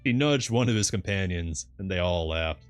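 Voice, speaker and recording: A man with a very deep voice reads a classic novel aloud for a stream. He breaks off now and then with irreverent asides about the text. Faint music runs quietly behind him. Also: lively intonation, moderate pace. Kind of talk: live book reading with asides.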